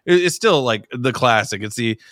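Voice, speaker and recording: Man, podcast co-host, rambling casual chat, mid pitch, dry close sound. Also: normal speed, no room sound. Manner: rambling, restarts, goes high when excited.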